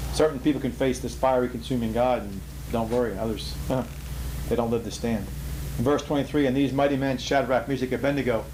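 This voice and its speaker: A man teaching a Bible study, acting out the characters with excited exclamations. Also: mid-range voice, a little hiss or hum, poor audio.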